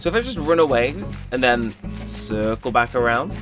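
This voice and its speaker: A young man chats casually while he plays, his voice swinging widely and suddenly jumping high when he jokes or protests. Game music plays clearly underneath his talk the whole time. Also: expressive, moderate pace. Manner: chatty and joking, with sudden high-pitched exclamations. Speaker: gaming channel host. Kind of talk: casual gameplay commentary. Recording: game music playing behind.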